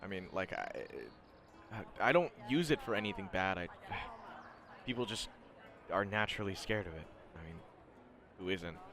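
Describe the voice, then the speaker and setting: A man voicing a guarded teenage male student with a mind-control power, speaking quietly and hesitantly. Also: sits low, lively intonation, moderate pace, pauses often. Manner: hesitant, quiet and slightly awkward.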